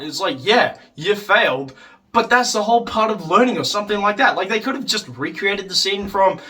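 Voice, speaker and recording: A man's voice: high voice, bright, forceful tone, far from the mic. A man giving a casual, rambling spoken review, filling his talk with "like", swearing freely and acting out quoted lines. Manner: rambling, heavy use of "like", swears, acts out quotes. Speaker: video reviewer.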